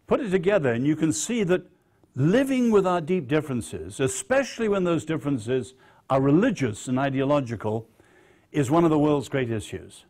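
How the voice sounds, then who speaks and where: Dryly witty English lecturer. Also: male voice, fairly high pitch, big pitch swings, darkish tone. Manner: measured, dryly witty, emphatic on key phrases. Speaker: guest lecturer. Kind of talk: public lecture.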